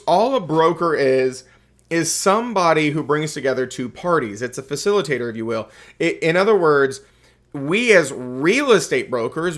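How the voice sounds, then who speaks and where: A man's voice: a little high, a bit bright. A man with a Southern US accent lecturing a class as a real estate instructor, folksy and joking. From Southern United States. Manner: folksy and joking, keeps calling students "folks".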